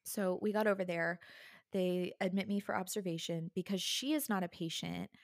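A woman's voice: fairly low pitch, moderate pace, no echo, studio quality. Woman telling a personal story. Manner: animated, acts out the other people she quotes. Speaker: guest. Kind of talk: casual storytelling in conversation.

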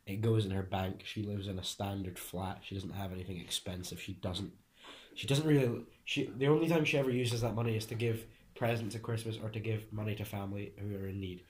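A young man in casual conversation, explaining at length with frequent restarts and pauses to find the right word. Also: on the low side, steady tone, slight background noise.

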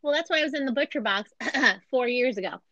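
A woman's voice: sits high, lively intonation, brisk, a bit bright, dull audio, a little hiss or hum. A woman co-hosting a podcast, chatting casually and jokily while retelling a story and acting out the quotes. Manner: chatty, jokey, acts out quotes. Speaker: podcast co-host. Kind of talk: casual chat, retelling a true crime story.

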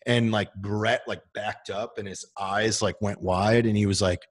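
A man's voice: lowish voice, fairly even intonation, measured pace. A man in his thirties, a military veteran guest, telling a story in casual chat. He swears freely and fills his talk with "like". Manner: profane, heavy use of "like" fillers.

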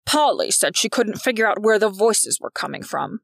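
A solemn, self-important older vice principal with a gravelly edge to his voice, as a woman puts him on. He talks gravely and portentously. The recording is dry and close. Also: mid-range voice, big pitch swings, normal speed, no echo. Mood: lecturing.

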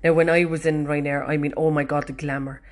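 A woman's voice: sits low, flat delivery, quick pace. A woman from Ireland with a Cork accent, hosting a podcast and telling stories in a chatty, self-mocking way that is full of swearing. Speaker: podcast host. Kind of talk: casual storytelling monologue.

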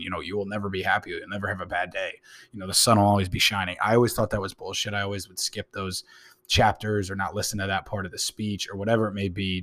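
A man with a very deep, low-pitched voice talks on his own podcast. He is a young adult, musing aloud in a loose, rambling way, leaning on "you know" and casual swearing. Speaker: podcast host. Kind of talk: casual monologue.

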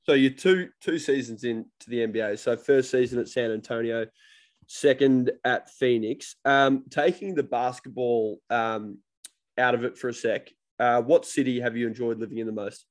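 A man hosting a casual interview, relaxed and chatty, asking questions. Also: mid-range voice, normal speed. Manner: relaxed, chatty, laughs along. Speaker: podcast host.

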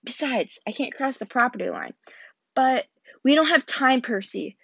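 A woman with a high-sitting, gravelly voice and a breathy edge reads a novel aloud at a moderate pace, animated as she voices the characters. She restarts and stumbles often; the dull lo-fi recording has no echo.

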